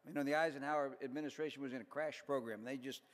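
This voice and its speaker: A man's voice: medium pitch, fairly even intonation, fast. A middle-aged man telling folksy, self-deprecating jokes as an after-dinner speaker at a banquet. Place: large banquet hall. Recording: long hall reverb.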